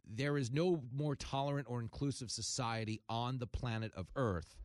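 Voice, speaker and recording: A man hosting a talk radio show in a fast, jokey monologue, breaking into loud comic bursts. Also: mid-range voice, dry recording, studio quality.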